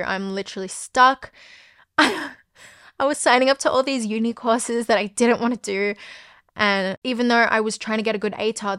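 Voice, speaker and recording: A woman's voice: medium pitch, a bit bright, no room sound, clean studio sound. A young woman, hosting a podcast and telling a personal story in a candid, chatty way, full of "like" and the odd swear word. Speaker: podcast host.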